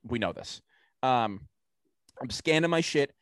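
A man's voice: medium pitch, expressive, a little slow, a bit bright, no echo, clean studio sound. A man co-hosting a podcast, telling a profane anecdote in casual chat and acting out the quotes. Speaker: podcast co-host.

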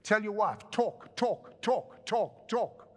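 A male pastor giving an animated, joking sermon with repeated phrases to a congregation. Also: high voice, slow pace, in a large hall. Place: church hall with congregation.

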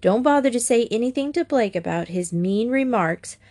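A woman's voice: fairly high pitch, normal speed, pitched above the performer's own voice. A woman reading a cheery, kindly old lady. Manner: cheery, calm. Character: cheery, kindly older woman who cures children.

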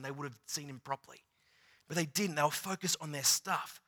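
A man preaching a sermon, dramatic, swinging between loud passages and hushed ones. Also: a little high, fairly quick. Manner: dramatic, swings from loud to hushed, retells scenes in acted voices.

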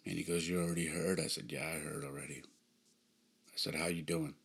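A man in his thirties hosting a podcast, telling a personal story in a subdued, halting way with frequent sighs. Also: a bass voice, flat delivery, creaky, a bit bright, husky. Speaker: podcast host.

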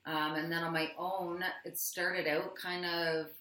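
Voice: medium pitch, little pitch movement, measured pace, pushed and bright. A musician guest talking casually about songwriting, hesitant and laughing often, trailing off mid-thought. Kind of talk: casual interview chat. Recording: echoey room with faint noise.

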